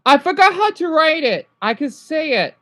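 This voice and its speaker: A man's voice: very high voice, very animated, moderate pace, fairly bright tone, no echo. A man casually teaching French words on a livestream, rambling and correcting himself while answering chat.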